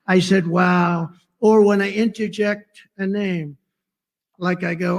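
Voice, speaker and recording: Gravelly high-voiced sarcastic man. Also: fairly even intonation, slow pace. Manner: sarcastic, digressive. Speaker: political speaker at a conference. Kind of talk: rambling off-the-cuff speech.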